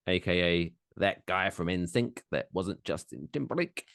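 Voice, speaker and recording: A man's voice: low voice, animated, moderate pace, few pauses, fairly bright tone, no room sound, clean studio sound. A man co-hosting a podcast in casual banter, playful, with announcer-style build-ups that draw out names. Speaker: podcast co-host.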